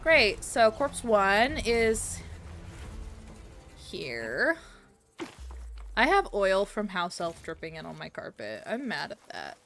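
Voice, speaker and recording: A woman's voice: medium pitch, huge pitch swings, slow pace, pauses often, a bit bright, faint music behind. A woman streaming as a VTuber, chatting casually and playfully while she plays, rambling from topic to topic and talking back to the game. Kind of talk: casual live-stream chat while gaming.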